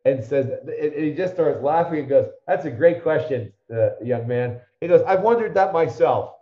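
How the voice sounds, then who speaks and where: A man's voice: fairly high pitch, lively intonation, moderate pace, reverberant, dull audio. Rambling storyteller man in his fifties. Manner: rambling anecdotes, acts out the people he quotes. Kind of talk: conversational storytelling.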